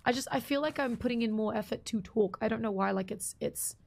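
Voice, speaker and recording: A woman's voice: fairly high pitch, brisk, creaky, a little mellow, slight background noise. A young woman streaming a game live, chatting casually with viewers and greeting them by name while her voice is partly lost and slightly strained.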